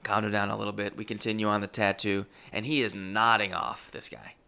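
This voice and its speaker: A male comedian telling a story in an animated, profane, exasperated way. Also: lowish voice, a little fast, vocal fry, smooth.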